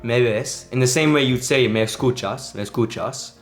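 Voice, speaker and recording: An energetic male language coach talks through grammar rules with emphatic repetition and quick restarts. His medium-pitched voice rings in a roomy space, with faint music underneath. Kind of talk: casual explanatory lesson.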